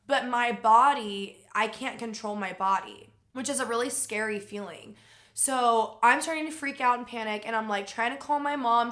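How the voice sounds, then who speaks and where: A young woman telling a personal story to camera in a casual, animated way, with lots of "like" fillers. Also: on the high side. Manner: animated retelling with frequent "like" fillers.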